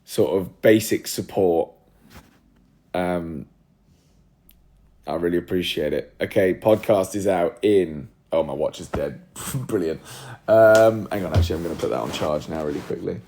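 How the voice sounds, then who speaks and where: A man's voice: low-pitched, a little slow, dark tone. A man hosting a casual livestream from a room at home, chatty and scattered, joking at his own expense while he sorts things out. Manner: scattered, chatty, self-deprecating, talks while multitasking. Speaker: podcast host on a livestream.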